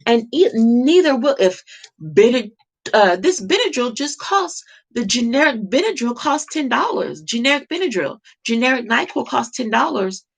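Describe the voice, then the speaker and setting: A woman's voice: fairly high pitch, sing-song, moderate pace, gravelly, breathy edge. A woman talking to camera in an impassioned monologue, emphatic and repetitive, firing off rhetorical questions. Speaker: vlogger.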